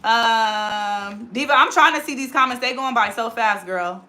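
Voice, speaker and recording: A woman in her thirties hosting a casual livestream on her phone, chatting quickly as she reads out viewer comments. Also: fairly high pitch, sharp tone. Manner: very fast, rapid-fire talker. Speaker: livestream host.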